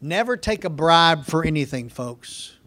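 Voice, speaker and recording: A middle-aged man delivers a folksy sermon in a high voice. He speaks at an unhurried pace. He acts out little family conversations along the way. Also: lively intonation, fairly bright tone. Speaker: preacher.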